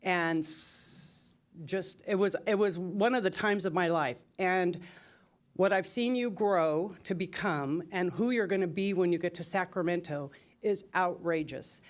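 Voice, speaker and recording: An older woman speaks into a podium microphone with a slightly low voice. She tells fond stories in tribute, close to tears, and her words run warm and emotional. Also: a little slow. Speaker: public commenter. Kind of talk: public comment tribute. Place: city council chamber.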